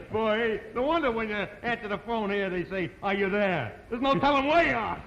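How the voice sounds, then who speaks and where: A man with an American accent playing a loud, blustery working-class guy in an old 1950s TV sitcom. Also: sits high, a little slow, highs cut off. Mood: jovial. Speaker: traveling contest winner. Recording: old TV audio, hissy, reverberant.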